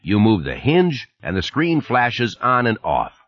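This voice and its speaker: A man voicing a groggy, gravelly middle-aged male factory manager who keeps coughing, in an audiobook reading. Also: mid-range voice, huge pitch swings, a little slow, a bit bright, dry recording, lo-fi sound, voice pushed up, full character voice. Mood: worried.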